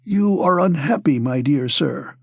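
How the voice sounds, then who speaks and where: A man voicing a severe, calm old male Freemason who speaks in a deliberate, loud way in an audiobook. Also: a little high, gravelly, slightly rough, no echo, clean studio sound, full character voice. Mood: grave, paternal. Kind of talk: audiobook character reading.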